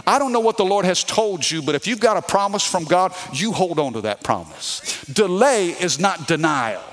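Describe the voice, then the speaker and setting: Southern preacher with a Louisiana accent. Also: male voice, high voice, very animated, normal speed, a bit bright. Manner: emphatic preaching with call-and-response to the congregation. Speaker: pastor. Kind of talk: sermon.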